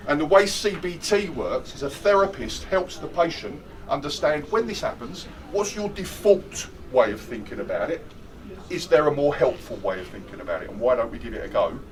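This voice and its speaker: A man's voice: on the high side, far from the mic, rough recording. A man leading a stress management workshop, joking and chatty and putting questions to his audience. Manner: animated, jokey, chatty, asks the audience questions. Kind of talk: lively interactive workshop talk.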